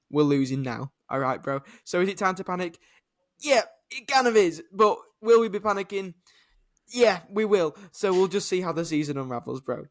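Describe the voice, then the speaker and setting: A British man co-hosting a sports podcast, ranting animatedly in casual chat and swearing now and then. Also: on the high side. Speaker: podcast co-host.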